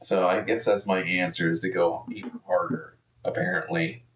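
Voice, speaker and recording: A man's voice: sits low, level tone, moderate pace, a bit bright, echoey room, far from the mic, slight background noise. A man live-streaming and commenting casually, profane and rambling, easily exasperated.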